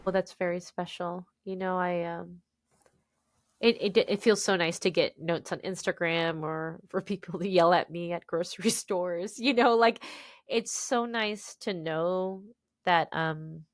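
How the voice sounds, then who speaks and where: A woman in her thirties from the United States, an author telling stories as a guest on a podcast interview in an animated, expressive way. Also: fairly low pitch, unhurried, no echo, studio quality.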